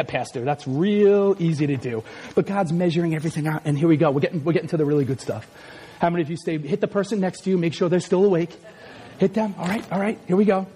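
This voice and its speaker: A pastor with a very high, breathy-edged voice preaches in a church sanctuary, animated and joking. He often breaks into shouts, and a long church-hall reverb rings around his words.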